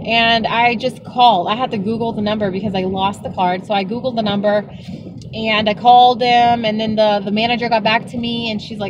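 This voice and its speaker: A young woman chatting casually to her vlog audience, telling stories in an animated, exasperated way. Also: fairly high pitch, a little fast, highs cut off, background noise. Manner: animated storytelling, exasperated retelling. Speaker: vlogger.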